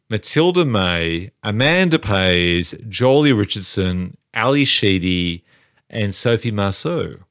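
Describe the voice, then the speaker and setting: Low-voiced man hosting a podcast, dry sound. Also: fairly bright tone, dry recording. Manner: leads segments, reads trivia aloud. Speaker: podcast host. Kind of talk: casual podcast chat.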